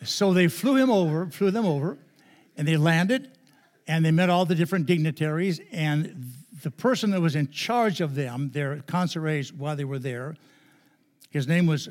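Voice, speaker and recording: An older man stands before a church congregation as a guest preacher, his voice sitting a little on the high side. He talks in a chatty, good-humored way, telling stories and joking with the people in the pews before he moves into his sermon. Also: a little mellow. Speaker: guest pastor. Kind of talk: sermon with storytelling. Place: church sanctuary.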